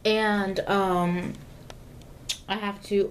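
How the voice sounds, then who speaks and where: A young woman talks to her own camera at home in a relaxed, unhurried way. She rambles, stops to reword herself, and fills pauses with plenty of "um"s and "like"s. Her voice sits at an average pitch, and a faint hum of household ambience stays in the background. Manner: rambling, self-correcting, lots of fillers and asides. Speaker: vlogger. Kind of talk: casual self-filmed vlog talk. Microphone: camera mic, self-filmed.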